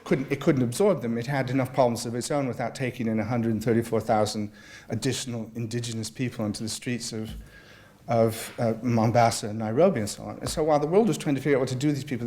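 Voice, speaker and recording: A man speaking at a public talk, mixing anecdote with reading aloud. His telling is wry and self-deprecating, with a mid-pitched voice. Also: a little mellow. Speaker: guest speaker. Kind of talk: humorous storytelling and reading aloud.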